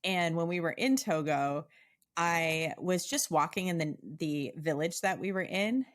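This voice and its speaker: A woman's voice: on the low side, a little slow. A middle-aged woman hosting a podcast interview, chatting casually with frequent laughs and many "like" fillers. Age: 40s. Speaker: podcast host.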